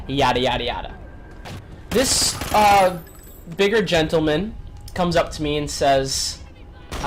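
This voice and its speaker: A man in his twenties telling a story to his viewers in an animated, chatty vlog style. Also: a little high, unhurried, a little hiss or hum. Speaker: vlogger.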